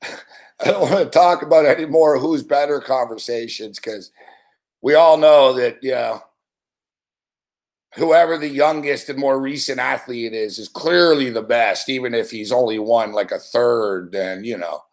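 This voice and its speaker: Gravelly, cursing man hosting a sports talk show. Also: medium pitch, unhurried, darkish tone. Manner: profane, rambling, laughs a lot. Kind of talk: late-night live stream rant.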